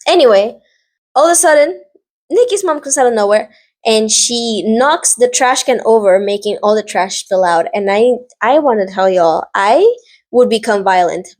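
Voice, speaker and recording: A woman's voice: on the high side, animated, normal speed, darkish tone. A young adult woman casually recapping a show, rambling with lots of fillers and sassy asides. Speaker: vlogger recapping a drama series.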